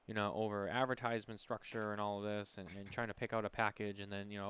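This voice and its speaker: A man's voice: fairly low pitch, little pitch movement, fast talker, a bit bright, clear, resonant tone. A man co-hosting a podcast, chatting casually and often restarting his sentences. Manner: conversational, many restarts and fillers. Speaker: podcast co-host. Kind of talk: casual chat.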